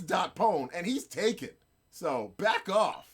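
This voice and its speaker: A middle-aged man hosting a live stream, his voice a touch high and swinging up and down a lot as he jokes and laughs. He talks unhurriedly, giving playful, hyped shout-outs to chat and guests. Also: very animated, slow pace, slightly rough. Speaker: streaming show host.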